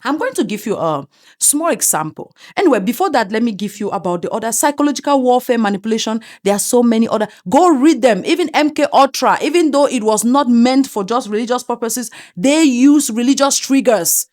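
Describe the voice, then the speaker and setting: A woman's voice: fairly high pitch, animated, brisk, a little mellow. Emphatic African-accented woman commentator. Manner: emphatic, full of rhetorical questions. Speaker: online commentator. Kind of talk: opinionated commentary monologue.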